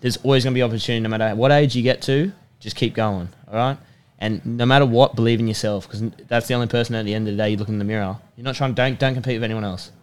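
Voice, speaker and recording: A man's voice: medium pitch, fairly even intonation, rapid-fire, smooth. A young man, a podcast guest giving an emphatic, repetitive pep talk. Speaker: podcast guest, personal trainer and rugby player. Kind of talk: motivational casual chat.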